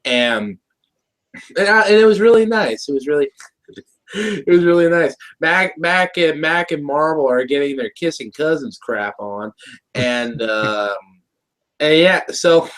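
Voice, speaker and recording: A man's voice: a little high, expressive, unhurried, fairly bright tone. A man co-hosting a casual review show, recapping an episode in a rambling way with lots of restarts and laughs. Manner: rambling, many restarts, laughs while talking. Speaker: show co-host.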